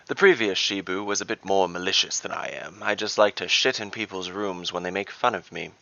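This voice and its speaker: A man's voice: deep voice, a little fast, vocal fry, sharp tone, dry recording, exaggerated voice. A man voicing a mischievous male halfling trickster god in a gleeful, teasing, theatrical way. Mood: playful. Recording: dull dry lo-fi recording.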